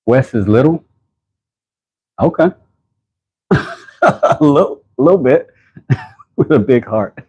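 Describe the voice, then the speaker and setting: An American man hosting a casual livestream, rambling and laughing as he gives shout-outs to viewers from his workshop. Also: medium pitch, lively intonation, takes it slowly, long pauses, breathy edge. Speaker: channel host. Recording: dull lo-fi sound.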